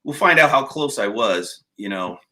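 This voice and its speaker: A man's voice: fairly low pitch, moderate pace. A man hosting a casual chat, telling stories loosely and swearing freely. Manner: storytelling, swears freely, animated when retelling. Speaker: podcast host.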